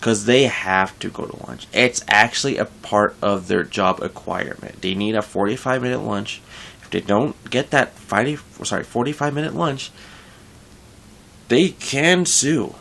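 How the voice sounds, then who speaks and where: A man's voice: lowish voice, measured pace, creaky, fairly bright tone. A young man talking casually in a vlog, venting frustration about his workplace in a rambling way with frequent restarts. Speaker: vlogger.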